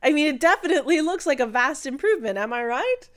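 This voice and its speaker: A woman with a fairly high voice co-hosts a casual podcast. She talks in an opinionated, chatty way, full of "like" and "I mean". She sounds eager to argue her view. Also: animated, fast. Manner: chatty and opinionated, with lots of fillers. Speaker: podcast co-host. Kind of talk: casual chat.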